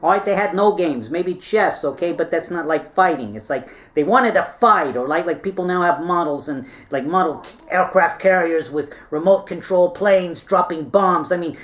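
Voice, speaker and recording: A man's voice: a little high, normal speed, hardly any pauses, fairly bright tone. Rambling man retelling history casually. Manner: chatty, meandering, keeps checking in with "all right?"; laughs while telling, playful asides. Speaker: storyteller explaining history.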